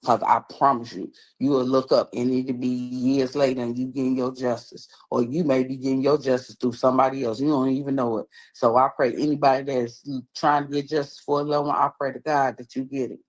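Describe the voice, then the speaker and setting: A man's voice: medium pitch, level tone, fairly quick, few pauses, poor audio. A man with a Chicago accent talks on a livestream in an earnest, pleading and blunt way. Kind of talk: livestream talk.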